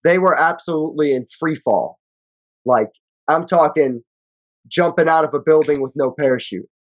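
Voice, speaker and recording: A man's voice: fairly high pitch, normal speed. A man co-hosting a casual sports podcast, reading stats and quotes aloud in a loose, profane way. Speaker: podcast co-host.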